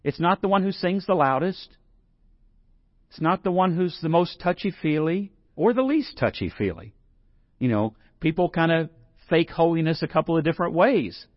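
A man's voice: on the high side, sing-song, moderate pace, dry recording, lo-fi sound. A man preaching a sermon in a conversational way, rising to emphatic scripture reading. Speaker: pastor.

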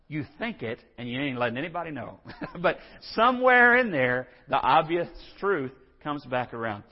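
A pastor preaching a sermon in a conversational way, asking rhetorical questions and acting out quotes. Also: male voice, a little high, expressive, moderate pace. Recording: dull audio in a hall with long reverb.

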